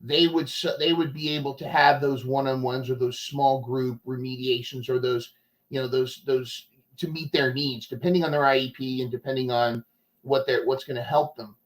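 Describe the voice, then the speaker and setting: A man's voice: mid-range voice, fairly even intonation, moderate pace, low-quality recording. A man hosting a casual podcast interview, eager, with many stammered restarts as he asks questions. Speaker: podcast host.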